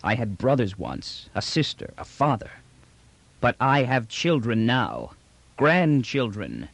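A man narrating a story, voicing a proud, gruff old patriarch who speaks curtly and gravely. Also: very animated, slow pace, fairly bright tone, no room sound, exaggerated voice. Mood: bitter. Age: older. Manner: curt and grave, bursting into deep anger.

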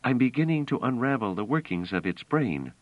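A man voicing a sharp-witted woman who mutters urgently to a companion. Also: mid-range voice, sing-song, fairly quick, dry recording, pitched above the performer's own voice. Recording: dull, dry audio.

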